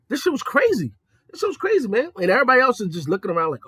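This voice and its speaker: A young man rants through a casual, profane story, his high voice swinging widely between excited peaks and low, mocking asides. The tone is bright with a slight husk, recorded close and dry. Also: racing, slightly rough, no room sound. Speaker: podcast host.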